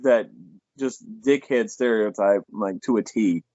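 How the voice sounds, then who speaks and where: Podcast co-host, male, low voice, loose rambling plot recap with cursing, dull dry lo-fi sound. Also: a little slow, dark tone, dry recording. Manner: rambling retelling with acted-out quotes, swears freely. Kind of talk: casual film review chat.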